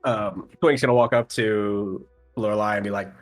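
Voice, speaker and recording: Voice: mid-range voice, steady tone, normal speed, soft background music. A player in a tabletop game, speaking in an easygoing, amused way.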